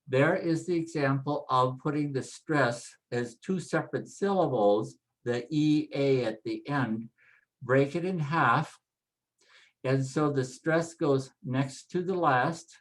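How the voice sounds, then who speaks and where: A pronunciation instructor teaching Spanish names, spelling out the vowels and repeating each name slowly and patiently. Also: mid-range voice. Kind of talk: spoken pronunciation lesson.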